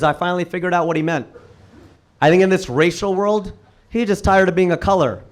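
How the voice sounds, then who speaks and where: A middle-aged man performing a stand-up comedy set on a club stage, with an animated, punchy delivery. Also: brisk, pauses often. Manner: animated, punchy delivery with sudden jumps in pitch.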